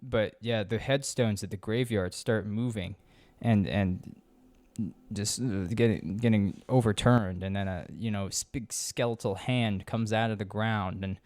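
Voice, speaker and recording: A man's voice: fairly low pitch, fairly even intonation, measured pace, a little mellow, dry recording. A man hosting a podcast, recapping a movie in a sarcastic, rambling, profane casual chat. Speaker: podcast host.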